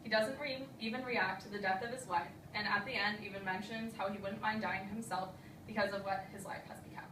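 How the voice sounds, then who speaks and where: A woman's voice: medium pitch, fairly even intonation, fairly quick. A young woman student reads her project introduction and adds casual asides. The room sounds roomy. The mic sits at a distance, with a faint hiss. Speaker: student presenter. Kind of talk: reading a class presentation.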